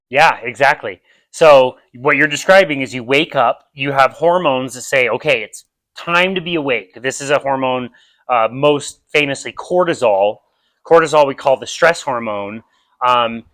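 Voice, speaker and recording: A man's voice: medium pitch, fairly bright tone, no echo. A man with an American accent giving a casual nutrition lecture in a park, explaining with vivid everyday examples. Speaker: nutrition seminar presenter. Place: outdoor park.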